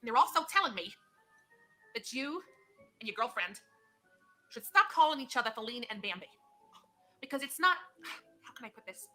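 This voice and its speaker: A woman's voice: fairly high pitch, big pitch swings, normal speed, pauses often, bright, forceful tone, faint music behind. A woman playing a patronizing, theatrical psychic. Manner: theatrical, patronizing, calls people honey. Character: theatrical fake female psychic. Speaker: comedic psychic.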